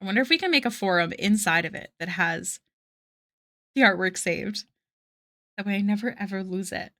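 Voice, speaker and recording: A woman's voice: medium pitch, moderate pace, fairly bright tone, dry recording, studio quality. A young woman chatting casually on a live art stream, bubbly and self-deprecating, gushing over fan art. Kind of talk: casual live-stream chat while drawing.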